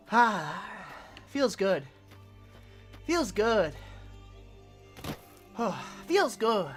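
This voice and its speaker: A woman's voice: medium pitch, big pitch swings, drawn-out words, faint music behind. A woman streaming a game with casual, crude, joking commentary and frequent sighs.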